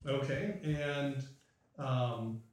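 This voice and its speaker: A man narrating as game master in a tabletop game, casual and halting, with many fillers. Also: medium pitch, steady tone. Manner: loose, many fillers and hesitations. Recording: very echoey room, mic far off.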